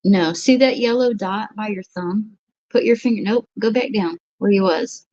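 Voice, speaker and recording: A woman's voice: medium pitch, moderate pace, a little mellow, muffled recording. A woman chatting with a friend on a video call, easygoing and shrugging things off. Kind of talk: casual video chat.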